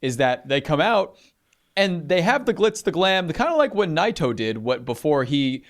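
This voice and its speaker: A man's voice: fairly high pitch, very animated, normal speed. A man co-hosting a podcast, chatting casually and animatedly, swearing freely. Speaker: podcast co-host.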